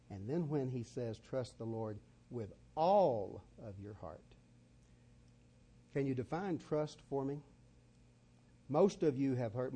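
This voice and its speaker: Male preacher, mellow tone, folksy storyteller. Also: medium pitch, husky. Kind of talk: sermon.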